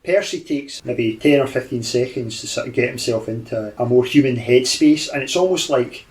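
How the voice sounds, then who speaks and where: A man's voice: mid-range voice, moderate pace, hardly any pauses, darkish tone, roomy sound. A man playing a tabletop role-playing game, thinking aloud about plans and describing his character. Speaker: player. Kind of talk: tabletop game play and narration.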